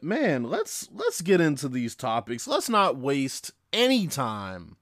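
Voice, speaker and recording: Brash, profane and upbeat, this twenty-something sports podcast host chats casually and addresses his listeners directly. He's a man in his late twenties with a mid-range voice, captured as clean studio sound with no room sound at all.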